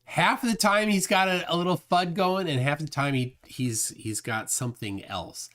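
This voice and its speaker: A man's voice: a little high, normal speed, a bit bright. A man hosting a casual livestream, reading viewer comments aloud and rambling with lots of fillers. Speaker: livestream host reading chat.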